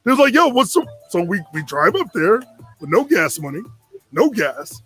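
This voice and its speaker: A Connecticut man in his forties tells a long story in a casual, animated way, acting out the lines of the other people involved. His voice is high and his pace moderate, with faint music in the background.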